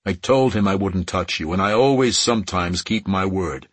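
A man voicing a gentle immortal lover. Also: sits low, normal speed, breathy edge, dry recording. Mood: tender.

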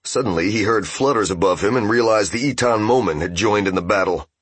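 A man narrating a fantasy game novel as an audiobook, in steady, even storytelling. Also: on the low side, a little fast, husky, no echo.

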